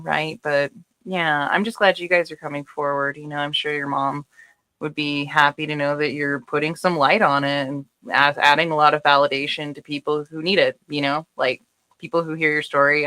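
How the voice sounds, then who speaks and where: A man's voice: on the high side, pushed and bright, clean tone, dry recording. A male interview host talking casually and reassuringly, with many fillers. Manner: reassuring, talkative, full of "like" and "you know".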